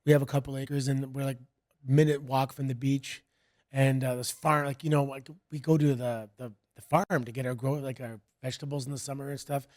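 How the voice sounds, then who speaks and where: A middle-aged man from Canada, a guest chatting casually and telling rambling stories in a relaxed way. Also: mid-range voice, fairly quick. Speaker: guest, wrestler. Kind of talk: casual interview chat.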